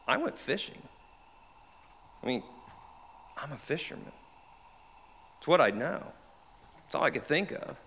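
An actor playing the apostle Peter, an earnest, remorseful fisherman, telling his story in the first person and swinging from hushed to shouted. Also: fairly high pitch, sing-song, unhurried, pauses often, slight background noise, full character voice. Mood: reflective. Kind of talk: dramatic monologue. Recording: long reverb of a large hall.

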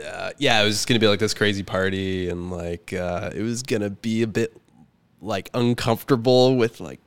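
A man's voice: lowish voice, clean tone. A young man in casual podcast chat, telling a story in a loose, rambling way full of fillers. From Canada. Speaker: podcast guest.

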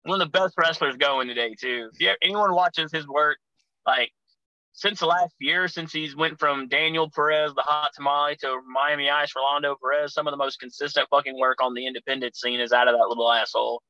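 A man's voice: a little high, fairly even intonation, brisk, pushed and bright, dry recording, low-quality recording. A man telling rowdy, profane road stories as a guest on a casual podcast. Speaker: guest, pro wrestler.

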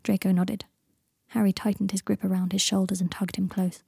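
Woman reader, soft hushed narration, gravelly, dark tone, dry close mic. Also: mid-range voice, little pitch movement, brisk, dry recording. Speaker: audiobook reader. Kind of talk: reading fan fiction aloud.

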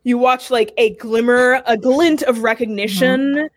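A woman's voice: a little high, unhurried, dry recording, studio quality. A woman runs the tabletop game as its narrator, describing events in a loose, giggly way with many asides. Her voice sits a little above a typical woman's. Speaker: game master.

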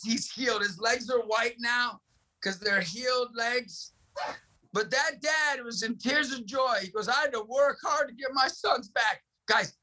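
A middle-aged man telling a story with intense, preachy passion and shouting for emphasis. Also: extremely high pitch, slightly rough. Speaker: guest, ministry director. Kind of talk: impassioned storytelling.

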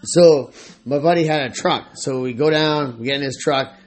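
A man's voice: medium pitch, moderate pace. A man co-hosting a podcast, telling a story in casual chat, laughing often, swearing, and acting out what people said. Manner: laughing, swearing, acts out quotes. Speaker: podcast co-host.

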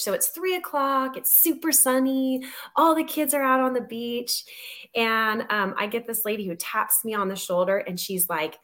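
A middle-aged woman telling a story in casual chat, acting out the voices she quotes. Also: a little high. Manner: animated storyteller, acts out quotes. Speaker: guest.

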